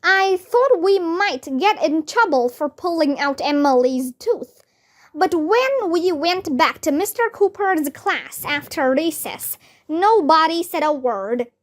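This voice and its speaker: A woman reads a children's chapter book aloud in a high, light voice. She takes her time over every sentence and gives the characters lively voices. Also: slow. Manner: lively, voices each character with raised pitch.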